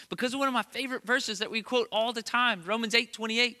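A man's voice: very high-pitched, quick pace, hardly any pauses, bright, forceful tone. A man in his thirties, a pastor, giving a conversational sermon with earnest points and self-deprecating humorous asides.

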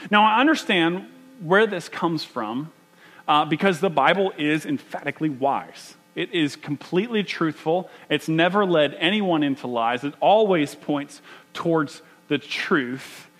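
A man preaching a sermon, animated and emphatic, often restarting his phrases. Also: on the high side, a little slow, faint music behind. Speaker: pastor.

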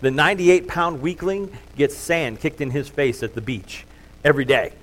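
A man's voice: on the high side, lively intonation, moderate pace, a bit bright, poor audio. A middle-aged man preaching a sermon in a loose, conversational way, full of fillers and self-deprecating asides. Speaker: pastor.

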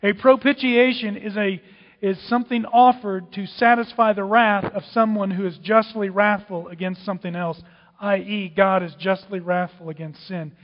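A man preaching a sermon, dramatic, swinging from loud outbursts to hushed whispers. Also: high voice, fairly even intonation, normal speed. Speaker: pastor. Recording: dull, with long hall reverb.

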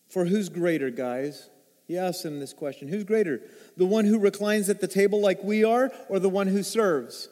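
A man delivers a sermon from the pulpit, his voice sitting high for a man. He swings between loud, emphatic lines and hushed, low asides. Long reverb trails off each phrase. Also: normal speed. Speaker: pastor. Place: church sanctuary.

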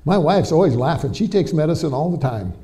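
Mellow-voiced preacher chatting with his congregation. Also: a little high, lively intonation, brisk. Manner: folksy, warm storytelling with frequent amens and tag questions to the congregation. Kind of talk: sermon. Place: church before a live congregation.

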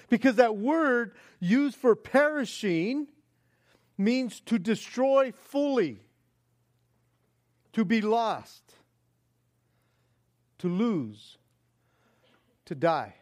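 A man's voice: very high voice, slow pace, pauses often. A male pastor preaching a sermon, acting out panicked pleas and laughing often between points. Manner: animated, acts out panicked pleas with frequent laughs.

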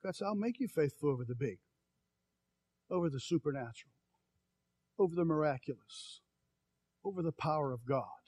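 Preaching man swinging loud to hushed. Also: fairly high pitch, expressive, breathy edge, no room sound. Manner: swings from soft, slow quiet passages to loud emphatic calls; folksy, tells personal stories. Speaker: pastor. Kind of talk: sermon.

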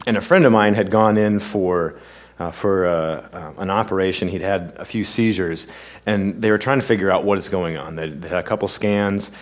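Deep-voiced earnest male pastor. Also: moderate pace. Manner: earnest, sweeping emphasis, trails off quietly. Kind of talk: sermon, scripture reading then personal story.

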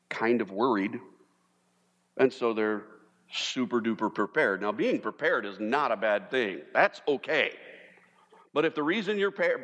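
A man preaching a sermon as pastor, animated, sometimes mimicking panicked voices for humor. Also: medium pitch. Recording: long reverb of a large hall.

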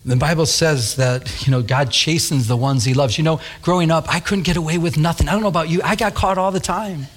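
A man preaching a sermon, telling a childhood story in an animated way and acting out the voices. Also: a little high, brisk, hardly any pauses. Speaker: pastor.

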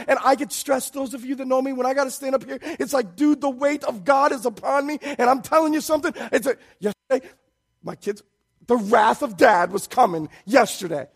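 A man preaching a sermon as pastor, swinging from hushed pleading to loud shouted emphasis. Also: extremely high pitch, expressive, a little fast, creaky, breathy edge.

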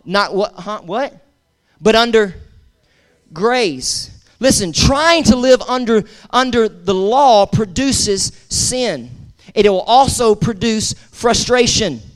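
A man's voice: high voice, lively intonation, slow. A man preaching a sermon as pastor, emphatic and repetitive, with call-and-response to his congregation and casual asides. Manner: repeats words for emphasis, conversational asides.

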